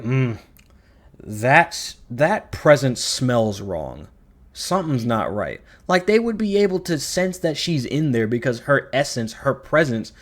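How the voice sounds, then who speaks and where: A man giving a ranting video review, sarcastic, profane and exasperated. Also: mid-range voice. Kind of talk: ranting commentary.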